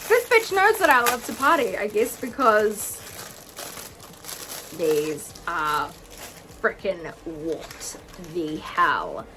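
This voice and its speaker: Gushing excitable young woman vlogger. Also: mid-range voice, slow pace, slight background noise, rough recording. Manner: gushing, excitable, gasps and squeals often. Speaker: vlogger unboxing jewellery. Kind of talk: casual chat to camera.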